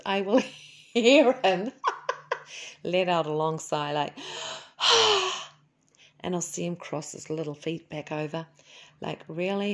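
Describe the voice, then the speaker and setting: A woman's voice: lowish voice, darkish tone. A woman hosting a podcast in a chatty, playful way, a little sniffly. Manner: chatty and playful, with asides and laughs. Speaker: podcast host and animal healer. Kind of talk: casual solo podcast chat.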